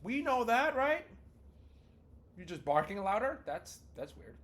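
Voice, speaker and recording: A man's voice: extremely high pitch, sing-song, unhurried, a bit bright. A man talking casually and with many fillers as he teaches public speaking in a video lesson. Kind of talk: teaching video on vocal delivery.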